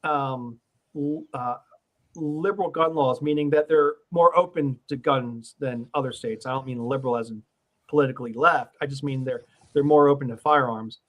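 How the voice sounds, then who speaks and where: A man's voice: mid-range voice, moderate pace, fairly bright tone. A man in a casual online chat, explaining points carefully and defining his terms. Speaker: ham radio operator on a livestream.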